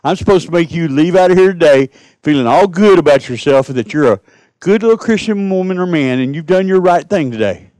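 Fiery preaching man, swings loud to hushed. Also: on the high side, lively intonation, fairly quick, no echo, rough recording. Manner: impassioned preaching, rising loud then dropping soft. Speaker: pastor. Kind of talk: sermon.

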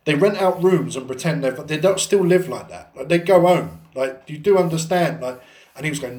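A man's voice: on the high side, brisk, darkish tone, reverberant. A young adult Englishman co-hosting a podcast, swearing a lot and telling a story animatedly. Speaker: podcast co-host. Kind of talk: casual storytelling chat.

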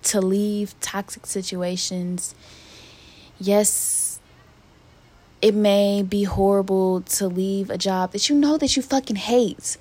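A young woman hosts her own casual podcast, venting solo to her listeners in a candid, profane, emotionally raw way. Hurt and near tears, she speaks slowly with a medium, darkish voice and fairly even intonation.

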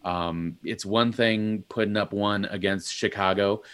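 A man co-hosting a casual sports chat, thinking aloud with many pauses and restarts. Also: on the low side, steady tone, a bit bright, clear, resonant tone. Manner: halting, many fillers and restarts, thoughtful. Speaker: podcast co-host.

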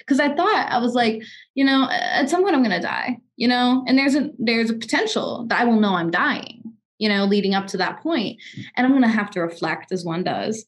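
A woman's voice: fairly high pitch, expressive, fairly quick. A woman in her twenties in casual podcast chat, telling personal stories candidly and often restarting her sentences. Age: 20s.

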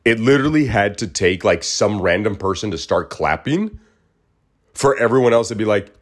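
A man with a fairly low voice hosts a solo podcast. His talk is casual and rambling, with many fillers and restarts. He keeps it animated by acting out the voices of people he quotes. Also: normal speed. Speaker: podcast host.

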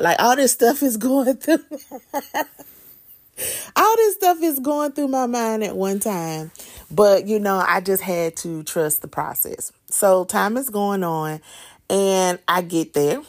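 Animated woman telling a story. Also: medium pitch, takes it slowly. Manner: animated, chatty, with Southern slang. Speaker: podcast host. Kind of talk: casual storytelling monologue.

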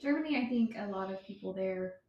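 A woman's voice: mid-range voice, expressive, fairly quick, muffled recording, a crowd in the background. Rambling young woman in a roomy space. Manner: rambling, many ums, giggly. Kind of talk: casual chat. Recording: roomy sound with faint ambience.

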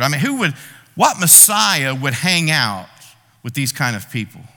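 A man preaching in a large church, his high, very bright voice ringing through a long hall reverb. He acts out people's prayers and complaints with dramatic pauses. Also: very animated. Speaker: pastor. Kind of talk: sermon.

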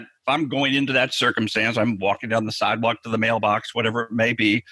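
A male therapist with a bright, forward voice and a husky edge. He explains his method earnestly, restarting phrases as he thinks aloud. The sound is dry and close. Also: mid-range voice, no echo. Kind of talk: explanatory interview answer.

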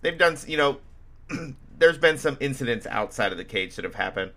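A man with a bright, forward voice hosts a casual podcast, swapping stories with his guest. He tells anecdotes with real animation, acting out the lines of the people in them, at an everyday middle pitch. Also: animated, normal speed. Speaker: podcast host.

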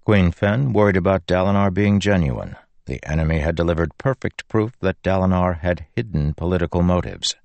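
A man reading a fantasy novel aloud in a measured, steady narration. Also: sits low, gravelly, no echo. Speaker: audiobook narrator.

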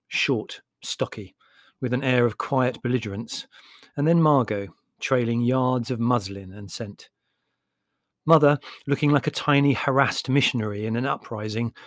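Male audiobook narrator, mid pitch, expressive and measured, dry close recording. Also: no room sound. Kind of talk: scripted narration.

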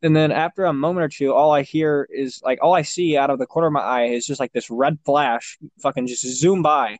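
A young man telling a long, rambling story in casual chat, full of swearing and filler words. His pitch sits in an ordinary middle range. The sound is dry and close, with no room around it. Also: brisk, dry recording.

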